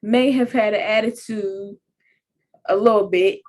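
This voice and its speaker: A young woman chats easily on a podcast with her mother. Her delivery is relaxed and conversational, sprinkled with filler words. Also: mid-range voice, measured pace. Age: young adult. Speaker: podcast co-host, daughter. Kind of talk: casual chat.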